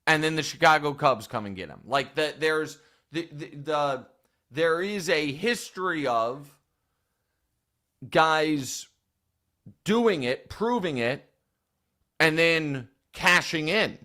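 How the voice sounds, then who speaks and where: A man's voice: on the high side, animated, slow pace, long pauses, bright, forceful tone. A man hosting a sports talk show, giving opinionated commentary in long, thinking-aloud arguments.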